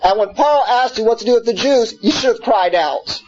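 A man's voice: very high voice, normal speed, darkish tone, lo-fi sound, faint music behind. A man teaching a scripture class in an earnest way, repeating words and putting questions to his listeners. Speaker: Torah teacher.

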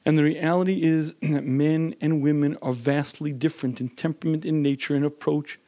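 A man lecturing on marriage who often clears his throat and acts out the people in his stories. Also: a little high, steady tone, a little fast, dark tone. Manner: frequent throat-clearing, acts out quoted voices. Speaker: marriage teacher.

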